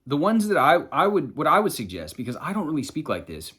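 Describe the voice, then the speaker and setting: A man's voice: fairly high pitch, huge pitch swings, fast talker, sharp tone, slightly rough. A man coaching viewers on manifestation in a loose, chatty way, swearing casually. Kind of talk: casual self-help explainer.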